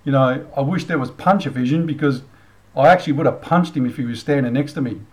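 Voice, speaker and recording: A man's voice: mid-range voice, quick pace, poor audio. A middle-aged Australian man hosting a commentary channel, ranting bluntly with casual swearing, then leading a prayer. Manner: blunt, heated, swears freely. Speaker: channel host.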